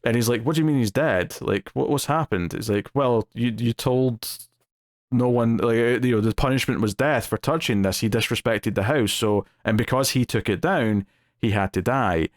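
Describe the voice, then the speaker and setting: A man's voice: medium pitch, normal speed, no echo, clean studio sound. A man giving a casual spoken review of a TV episode, retelling scenes with acted-out quotes and lots of fillers.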